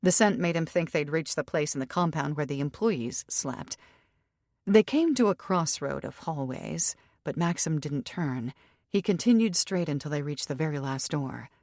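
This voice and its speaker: A woman narrating an audiobook with even, steady storytelling on a close studio mic. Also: low-pitched, moderate pace, dry recording. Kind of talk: scripted narration.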